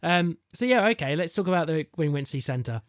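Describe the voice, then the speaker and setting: A man co-hosting a casual podcast, telling a lively story about his child and acting out the voices. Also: fairly high pitch, quick pace, dry recording, clean studio sound. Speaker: podcast co-host. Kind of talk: casual chat.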